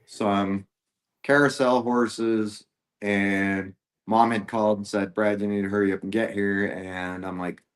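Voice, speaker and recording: A man with a fairly low voice speaks on a podcast as a guest. He tells a story casually and haltingly, breaking off and restarting. His words come through a close podcast mic. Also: little pitch movement. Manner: halting, full of fillers and restarts. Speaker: guest, airbrush artist.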